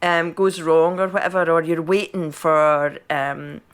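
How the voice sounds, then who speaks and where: A Scottish woman with a fairly low voice chats on a podcast over a video call. She tells stories in a loose, conversational way and keeps checking in with her listeners. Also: steady tone, unhurried, clean tone. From Scotland. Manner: chatty, storytelling, tags lines with "right?". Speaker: podcast co-host. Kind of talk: casual chat.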